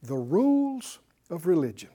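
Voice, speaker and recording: A Bible teacher giving a broadcast lesson in an animated, conversational way, asking the audience questions and chuckling while teaching. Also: medium pitch, a little slow, slightly rough.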